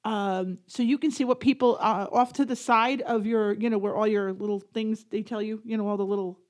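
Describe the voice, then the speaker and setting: A woman's voice: medium pitch, fairly even intonation, a little fast, a little mellow. A woman with a New York accent co-hosting a podcast, chatting in a giggly, rambling, playful way. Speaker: podcast co-host. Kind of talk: casual chat.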